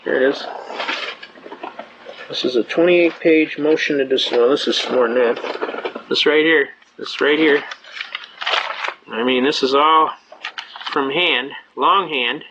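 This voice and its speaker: A man's voice: a little high, slow pace, pauses often, noisy background. An older man lecturing on the constitution, mixing plain-spoken personal stories with emphatic legal points. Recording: dull lo-fi recording.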